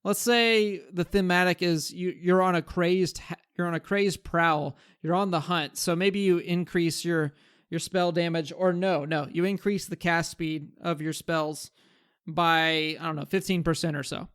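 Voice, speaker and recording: A man's voice: on the high side, steady tone, measured pace, fairly bright tone, clean tone, dry recording, clean studio sound. A man talking casually about changes he wants in a game, rambling with fillers and restarts as he thinks aloud. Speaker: gaming content creator. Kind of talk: casual gaming commentary.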